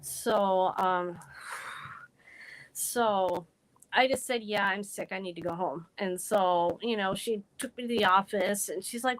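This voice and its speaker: A woman's voice: medium pitch, low-quality recording. Earnest woman telling a personal story. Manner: halting, earnest, restarts often. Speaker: podcast guest.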